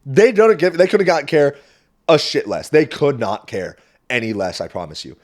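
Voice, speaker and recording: A young man hosting a podcast, telling a story in a casual, animated way and swearing freely. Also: medium pitch, normal speed. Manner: animated, swearing, jumps into quoted voices. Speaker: podcast host. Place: small warm room indoors. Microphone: camera mic, solo recording.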